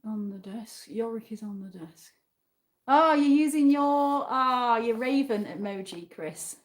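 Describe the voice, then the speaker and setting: Brief: upbeat North London woman, slightly high voice, casual livestream host chatting with her viewers. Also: expressive, a little slow. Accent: North London English. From England. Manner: chatty and upbeat, reacting to chat, with asides and laughs. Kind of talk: casual livestream chat reading viewer comments.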